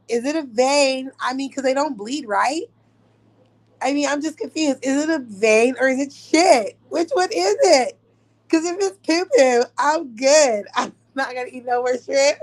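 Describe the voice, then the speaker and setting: A young woman telling a story in a casual, profane rant, animated and breaking into laughs. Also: sits high, measured pace.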